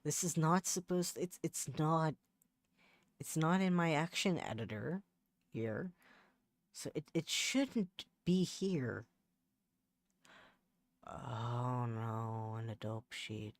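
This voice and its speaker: A male streamer talks his way through his work in a slow, unhurried way, muttering half to himself and trailing into exasperated restarts. The sound is dry and close, with no room around it. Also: mid-range voice, expressive, creaky, no room sound. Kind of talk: casual livestream chat while working. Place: home setup.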